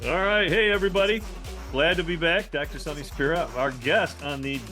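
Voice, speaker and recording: A man hosting a casual podcast conversation, chatty and enthusiastic, often thinking out loud as he goes. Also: on the high side, fairly quick, music in the background. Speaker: podcast host and dentist.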